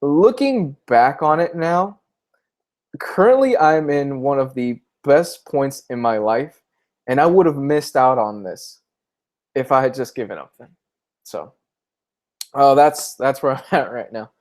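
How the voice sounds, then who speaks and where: A man's voice: mid-range voice, expressive, measured pace, long pauses, darkish tone. A young man chatting casually on a livestream about comics, speaking openly and emotionally. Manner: candid, emotional, tearing up at times. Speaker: comic book vlogger.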